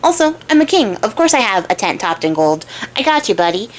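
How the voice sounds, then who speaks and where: A woman's voice: mid-range voice, very animated, fairly quick, natural voice. Woman doing a greedy king, offhand, entitled, storybook telling. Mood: breezy. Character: bossy greedy male king, casual.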